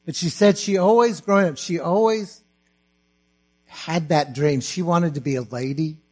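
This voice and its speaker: A man preaching a sermon as pastor, slow and emphatic, rising to fervent preaching. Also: fairly high pitch, darkish tone.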